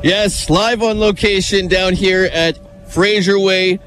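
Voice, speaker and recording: A man on a live radio remote outdoors, his voice sitting a little high as he runs through upbeat promo chatter. He talks in an easy, chatty way, with faint music underneath. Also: steady tone, slow pace. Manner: breezy, chatty, plugging an event. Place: outdoors at an event lot.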